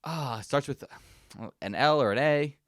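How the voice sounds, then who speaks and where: A man's voice: mid-range voice, fairly bright tone, dry recording, studio quality. A young man co-hosting a casual comedy podcast, easygoing and profane. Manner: easygoing, casual, swears, quick agreeing. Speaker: podcast co-host.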